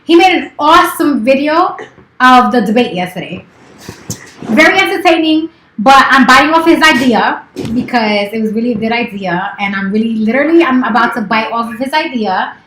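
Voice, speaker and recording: A woman's voice: fairly high pitch, animated, normal speed, a bit bright, roomy sound, a little hiss or hum. A woman in her thirties chatting casually on a live stream, playful and teasing, swearing freely. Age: 30s. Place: office.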